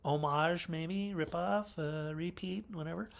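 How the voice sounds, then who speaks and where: A man with a slightly high, gravelly voice talks through a film in a loose, chatty review. He wanders, corrects himself mid-sentence and tosses in dry little asides. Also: a little slow. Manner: rambling, chatty, wry asides and self-corrections. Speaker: movie reviewer. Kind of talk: casual film review monologue.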